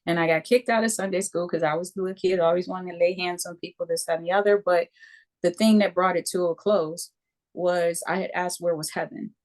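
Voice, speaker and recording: A woman in her fifties from the United States, with a lowish voice and a slightly fast pace, appears as a guest in an interview. A Reiki practitioner, she tells a personal story with animation, acting out voices and repeatedly checking in with "okay?".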